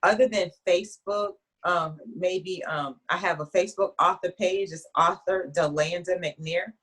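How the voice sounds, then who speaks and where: A woman with a fairly low-pitched voice, talking as an author in a casual interview. She tells her stories in a chatty, animated way and often starts sentences over. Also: a little slow, slightly rough. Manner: chatty, animated storyteller with frequent restarts and laughs.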